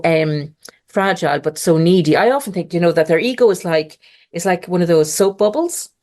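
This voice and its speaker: A middle-aged woman talks on a podcast, her voice sitting a little low for a woman. She tells her story in an animated, conversational way and jumps into other people's voices when she quotes them. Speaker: podcast guest.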